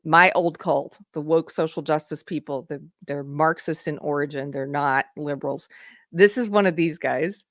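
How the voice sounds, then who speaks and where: Animated sarcastic woman hosting live talk. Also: low-pitched, normal speed, no echo, studio quality. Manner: animated, sarcastic, laughs often. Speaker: host of live political commentary show. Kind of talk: casual live-stream commentary.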